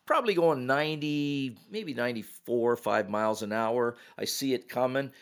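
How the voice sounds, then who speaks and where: An older man from Canada, a retired hockey referee and podcast guest, telling stories in a lively way and acting out quotes. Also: mid-range voice, moderate pace, clean tone. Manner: animated storyteller acting out quotes. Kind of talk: podcast storytelling.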